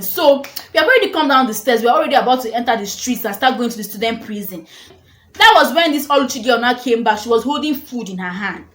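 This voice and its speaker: A young woman telling a storytime vlog, animated and dramatic, laughing often. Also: a little high. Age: young adult. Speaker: vlogger. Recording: echoey room with faint noise.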